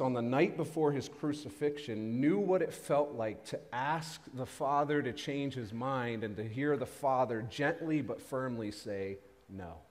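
A man in his thirties preaches from the pulpit, spinning a personal story with self-deprecating humor before turning it to faith. His voice sits at a middle pitch. The sound rings with the long reverb of a large church hall. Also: a little mellow. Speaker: pastor. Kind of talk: sermon. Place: church sanctuary.

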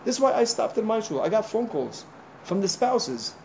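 A man, a rabbi, gives an informal sermon in a chatty storytelling manner. His voice sits a bit high and sounds warm and mellow, with a faint hum of room ambience behind it. He keeps breaking in with "you know" and slips into the voices of the people in his stories. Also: moderate pace, creaky. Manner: animated storyteller, acting out conversations; conversational, frequent "you know" asides.

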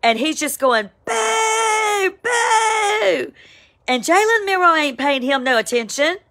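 A woman, giving a casual, emphatic spoken devotional, with sudden excited high cries. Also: moderate pace. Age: 50s. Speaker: Christian devotional vlogger. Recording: home, with a siren outside.

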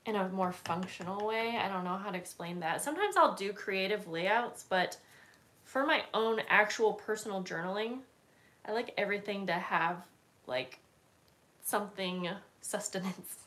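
A woman with a mid-range, fairly bright voice at normal speed hosts a relaxed craft livestream, stamping and working at her table. She's chatty and rambling, full of fillers and self-corrections.

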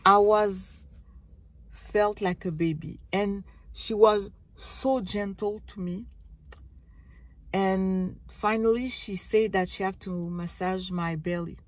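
Slow, halting woman telling her story. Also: medium pitch, fairly even intonation, no room sound. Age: middle-aged. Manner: halting, searching for words, many restarts. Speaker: vlogger. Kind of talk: personal recovery vlog.

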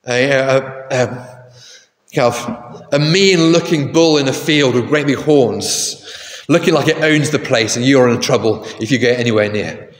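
In a large church with long, echoing reverb, a man with a mid-range voice preaches at a slightly slow pace. His sermon is conversational, and he puts questions to the congregation.

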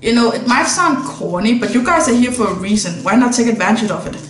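Casting: earnest, persuasive young male tutor read by a woman, fairly high pitch, roomy sound. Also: expressive, brisk, close to an everyday voice.

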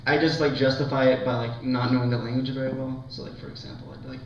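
A man's voice: medium pitch, steady tone, fast talker, a little hiss or hum. A young man doing a stand-up set, rambling with lots of likes and ums and poking fun at himself. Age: young adult. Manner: rambling, full of likes and ums, self-mocking. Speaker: stand-up comedian. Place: college lounge with a laughing audience. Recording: echoey lounge, distant, dull lo-fi sound.

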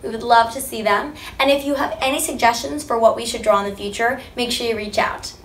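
A woman's voice: on the high side, fairly quick, roomy sound. A woman hosting a children's drawing segment, signing off to kids in an upbeat way. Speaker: children's drawing show host.

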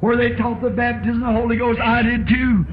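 A man's voice: very high voice, little pitch movement, a little fast, a little hiss or hum. A man preaching a sermon in a church, telling his story with fervent emotion. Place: church tabernacle. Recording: dull lo-fi old tape recording.

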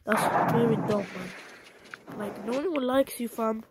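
Angry young woman ranting, slow. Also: on the high side, background noise. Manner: angry, repetitive, scolding. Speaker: video maker. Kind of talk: angry rant at the camera.

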